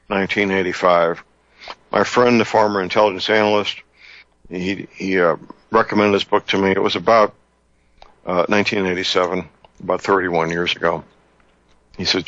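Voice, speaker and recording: An older man hosting a call-in radio talk show, speaking slowly and deliberately, repeating key details. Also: deep voice, steady tone, a bit bright, no room sound. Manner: slow, deliberate, repeats numbers. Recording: muffled lo-fi radio broadcast.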